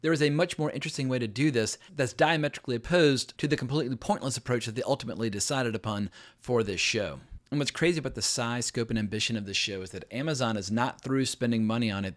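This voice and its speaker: Speaking quickly in a mid-range voice, this middle-aged film critic runs his own review channel. His take on a new show is blunt, emphatic and sarcastic, and he keeps tossing in sarcastic asides throughout the opinionated video.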